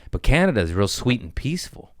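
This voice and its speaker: A man hosting a comedy podcast, riffing in a rambling, crude way with sudden loud bursts. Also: mid-range voice, very animated, fast, no room sound, clean studio sound. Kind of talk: casual comedic rant.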